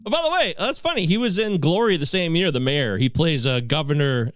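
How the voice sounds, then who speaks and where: A man casually chatting on a movie podcast, rambling and animated, swearing now and then. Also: a little high, brisk, clean tone, no room sound, clean studio sound. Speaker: podcast host. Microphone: sharing a podcast mic.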